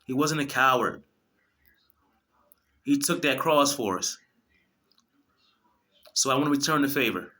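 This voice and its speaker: A man preaching straight to his viewers in a fervent, profane stream. His voice is bright and forceful, with the pitch sitting in a middle range. He keeps stumbling and restarting as his words pile up. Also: animated, a little slow, long pauses. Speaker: video host. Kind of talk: impassioned religious monologue.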